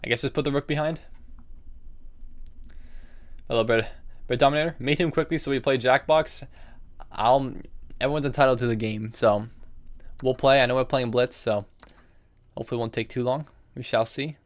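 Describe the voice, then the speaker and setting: A man's voice: medium pitch, fairly even intonation, moderate pace, pauses often. A man streaming online chess, chatting casually and thinking aloud about his moves while answering viewers. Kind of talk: casual live-stream game commentary.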